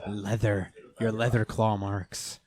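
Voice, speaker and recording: A man's voice: on the low side, little pitch movement, takes it slowly, darkish tone. Man casually recapping an anime episode. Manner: rambling, filler-heavy retelling. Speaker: podcast co-host.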